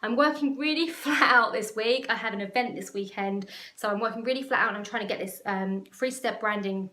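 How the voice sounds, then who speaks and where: A woman's voice: on the high side, brisk, bright, forceful tone, roomy sound. A woman business coach talking to camera in an emotional, passionate, rambling way. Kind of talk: casual talk to camera.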